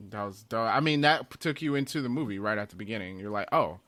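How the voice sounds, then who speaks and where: Bright, animated podcast host man. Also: lowish voice, fast, no room sound. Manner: laughs often, animated retelling. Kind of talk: casual movie chat.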